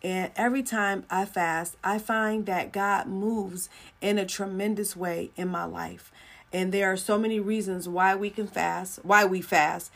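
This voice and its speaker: Brief: woman host, live faith teaching, chatty, repeats lines for emphasis, slips into quick voices for little dialogues. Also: medium pitch, steady tone, vocal fry, fairly bright tone. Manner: conversational, repeats phrases for emphasis.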